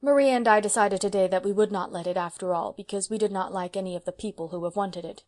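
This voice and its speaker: A woman voicing a proud, brisk spinster of seventy, speaking emphatically and sternly. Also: mid-range voice, darkish tone, close to an everyday voice.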